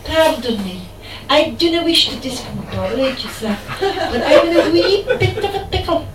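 A woman's voice: high voice, animated, normal speed, voice pushed up. A woman reading aloud at a live event, voicing a flustered Scottish man stuck in a jammed toilet cubicle. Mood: distressed. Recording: roomy, distant, noisy live reading.

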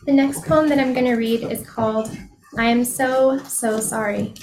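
A woman reading her own poems aloud at a poetry reading, with measured, deliberate delivery. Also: fairly high pitch, steady tone, darkish tone. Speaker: poet reading her work. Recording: echoey room, faint noise.

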